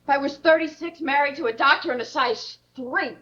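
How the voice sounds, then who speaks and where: A woman's voice: high-pitched, fairly quick, sharp tone. A woman playing an exasperated grown daughter. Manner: earnest, emphatic. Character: exasperated adult daughter, frank and outspoken. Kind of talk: stage play acting. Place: theater stage. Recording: dull lo-fi stage recording.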